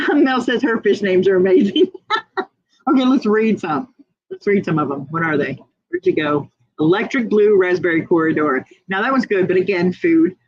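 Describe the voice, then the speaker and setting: A woman's voice: medium pitch, sing-song, normal speed, no room sound, muffled recording. A woman hosting a casual livestream, chatting, laughing often and reading viewer comments aloud. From United States. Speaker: livestream host.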